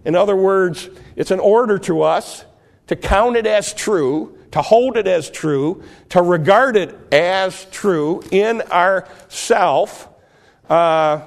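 Gravelly high-voiced preacher. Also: male voice, slow pace. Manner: earnest Bible teaching with frequent restarts and repeated words. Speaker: pastor. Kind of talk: sermon.

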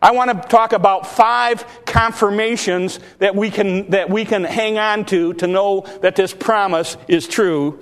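A man's voice: sits high, fairly even intonation, unhurried, few pauses, a bit bright, big-room sound. A man preaching a sermon, earnest and repetitive, with frequent restarts and small fillers.

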